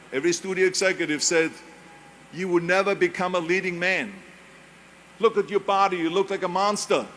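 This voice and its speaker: A man's voice: fairly high pitch, fairly bright tone, a little hiss or hum. A man with an Austrian accent, giving a motivational speech in an emphatic way and repeating key phrases for weight. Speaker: speaker.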